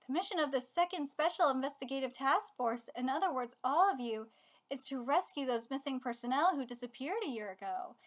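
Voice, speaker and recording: A woman reading aloud as an official giving a formal mission briefing in a steady tone. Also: sits high, brisk.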